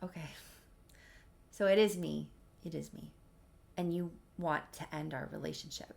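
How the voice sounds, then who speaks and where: Woman voicing hurt young woman, hesitant, questioning, gravelly. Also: deep voice, a little slow, a little mellow, pitched below the performer's own voice, full character voice.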